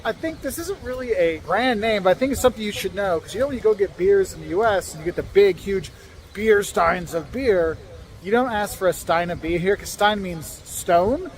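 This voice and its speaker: Animated high-voiced travel vlogger man. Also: moderate pace. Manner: animated, acts out confused reactions. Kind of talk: instructional travel vlog. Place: outdoors in a town.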